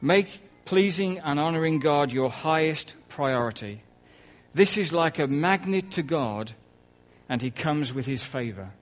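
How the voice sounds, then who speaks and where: A man preaching a conversational sermon, with soft laughs and quiet asides. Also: fairly high pitch, animated, unhurried, low-quality recording.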